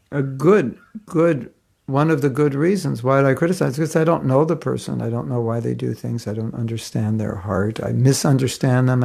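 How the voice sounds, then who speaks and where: A man's voice: medium pitch, creaky, mellow. A man giving a devotional class, telling stories in a conversational way and chuckling often. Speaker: spiritual teacher.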